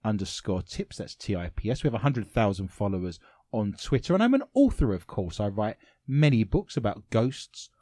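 A man's voice: fairly low pitch, very animated, moderate pace, warm tone, no room sound. A man with an English accent hosting a radio show in a studio, talking playfully and laughing often. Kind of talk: casual radio chat. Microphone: studio microphone.

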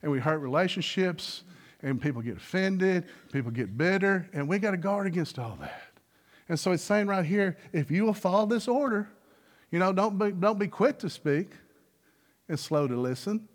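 A man's voice: sits high, animated, normal speed. A middle-aged man preaching a sermon as pastor, telling folksy stories and firing rhetorical questions at the congregation. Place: church sanctuary.

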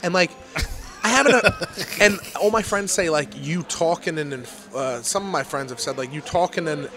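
A man hosting a casual comedy podcast, swearing freely and talking in quick, animated asides. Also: fairly high pitch, soft background music. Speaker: podcast host.

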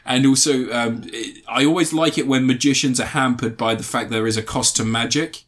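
A British man in casual chat, animated and laughing often as he recaps scenes, swearing freely. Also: mid-range voice, moderate pace. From Britain.

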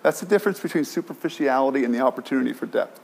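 A man's voice: mid-range voice, expressive, racing, vocal fry, a little mellow. A male pastor preaching a sermon, impassioned and repetitive, often restarting his phrases. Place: church in San Francisco.

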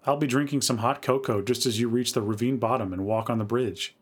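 A man's voice: mid-range voice, steady tone, brisk, natural voice. A man voicing a worried, hesitant young woman who feels guilty, in a spooky story reading.

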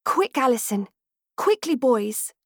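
A woman's voice: a little high, very animated, dry recording, clean studio sound, voice pushed up, exaggerated voice. A woman playing a bold, spirited young Regency woman. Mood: urgent. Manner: brisk, practical commands.

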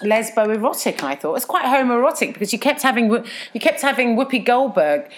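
A woman's voice: a little high, sing-song, brisk. A woman in her thirties, co-hosting a casual chat, wry and chatty with cheeky jokes. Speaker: podcast co-host.

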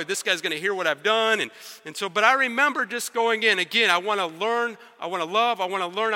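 Preacher guy telling a story, bright sharp voice, big echoey hall. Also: on the high side. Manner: animated, acts out quotes and sounds, drops to quiet intensity. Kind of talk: sermon storytelling. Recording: long hall reverb.

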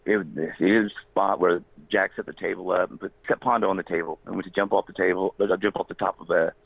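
A man's voice: deep voice, steady tone, gravelly, breathy edge, dry recording. A man telling a long story as a guest, rambling and often laughing. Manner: rambling, laughing, quick quoted voices. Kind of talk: casual storytelling. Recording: tinny phone line.

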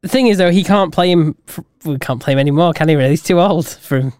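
A man's voice: a little high, fast talker, a little mellow, smooth, no echo, studio quality. A man co-hosting a casual podcast, laid-back and chuckling often. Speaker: podcast co-host.

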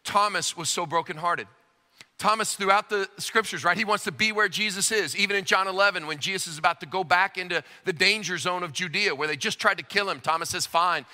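A man preaching a sermon as pastor, animated and emphatic, acting out the voices he quotes. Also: high voice, long reverb tail.

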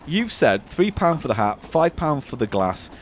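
A man in a comedy improv chat, sounding exasperated and swearing freely. His voice sits fairly high and moves a lot. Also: very animated, normal speed, slight background noise.

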